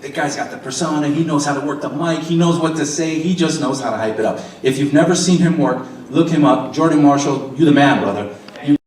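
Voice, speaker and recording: A middle-aged man, a radio DJ, giving a lively seminar talk on microphone use and acting out voices for the audience. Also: mid-range voice. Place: seminar room. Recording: echoey room, voice from far off.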